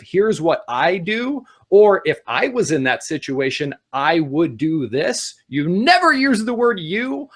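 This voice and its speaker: A middle-aged man co-hosting a talk show, giving casual advice and speeding up as he gets excited. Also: sits high. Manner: animated, speeds up when excited. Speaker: podcast co-host.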